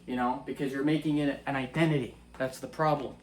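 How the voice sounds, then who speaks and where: Young male vlogger, mid-pitched, earnest and challenging, casual faith talk, peppered with rhetorical questions. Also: fairly even intonation, a little fast. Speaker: Christian vlogger. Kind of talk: casual faith-based monologue.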